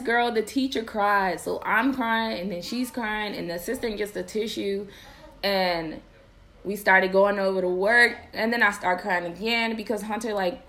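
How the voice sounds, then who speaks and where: A woman's voice: medium pitch, a bit bright. A young woman hosting a podcast, chatting casually and animatedly to her viewers, laughing often. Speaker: podcast host.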